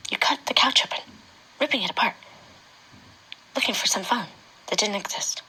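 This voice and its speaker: A woman speaking an emotional personal testimony straight to her former partner, often dropping to a hushed whisper. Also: mid-range voice, expressive, normal speed, husky, low-quality recording. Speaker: mother recounting her own experience.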